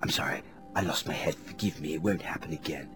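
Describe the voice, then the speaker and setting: A man on a comedy radio show impersonating a self-absorbed male film star, talking in a melodramatic breathy stage whisper. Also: mid-range voice, expressive, normal speed, lightly acted. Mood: cheeky. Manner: melodramatic, self-mocking monologue. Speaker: radio host. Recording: radio broadcast with music underneath.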